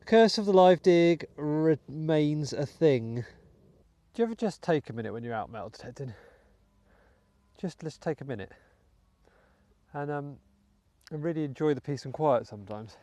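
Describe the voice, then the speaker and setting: A man's voice: fairly high pitch, lively intonation, moderate pace, long pauses, mellow. A British man hosting a metal detecting vlog, chatting casually to viewers as he digs outdoors in a wet field, with muttered asides. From United Kingdom. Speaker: metal detecting channel host. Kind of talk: casual vlog commentary while digging.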